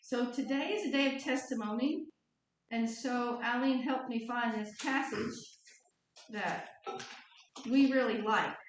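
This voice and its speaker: Slow-speaking woman pastor, echoey hall. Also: a little high, a little hiss or hum. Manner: relaxed, conversational. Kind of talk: storytelling sermon. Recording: echoey church hall from far off.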